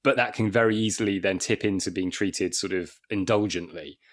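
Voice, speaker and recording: A man's voice: low voice, a little fast, a bit bright. A man chatting as a comedian guest on a podcast, rambling with many restarts and little acted dialogues. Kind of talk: casual podcast chat.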